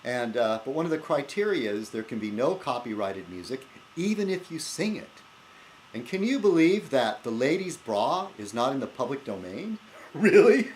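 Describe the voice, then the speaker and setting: A man chatting loosely on his own video blog, rambling and poking fun at himself. His mid-pitched voice rises and falls a lot, with faint room ambience behind it. The sound comes from a laptop webcam mic. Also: sing-song, normal speed, slight background noise. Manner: rambling, self-deprecating, chuckles often. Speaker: video blogger host. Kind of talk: casual vlog chat.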